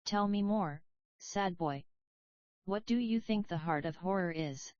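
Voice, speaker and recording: A woman's voice: fairly low pitch, a little slow, a little mellow, no room sound, highs cut off, natural voice. Ghostface, read by a woman, cryptic and taunting. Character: masked male slasher killer, cryptic and mocking.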